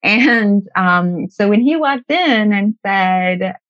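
A woman's voice: medium pitch, expressive, slow pace, no echo. A middle-aged woman telling a personal story in a conversational way, often restarting her sentences and quoting what people said to her. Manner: conversational, with frequent restarts and quoted dialogue. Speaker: guest sharing a personal story. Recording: dull lo-fi recording, dry.

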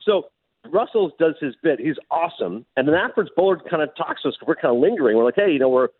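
Animated fast-talking man on a phone line. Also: fairly high pitch, husky, no echo. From Canada. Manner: animated, laughing storyteller. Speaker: regular phone-in guest. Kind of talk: storytelling on a call.

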